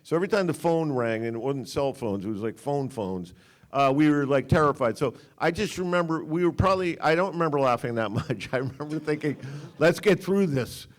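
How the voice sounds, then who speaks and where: A man's voice: a little high, lively intonation, fairly quick. A man in his sixties, a film director, telling rambling anecdotes at a cinema Q&A. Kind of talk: storytelling on stage. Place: cinema stage.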